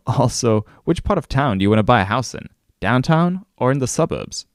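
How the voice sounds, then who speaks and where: A man's voice: medium pitch, sing-song, normal speed, no room sound. A man voicing a coy male real estate worker answering with teasing counter-questions, in a close, dry recording.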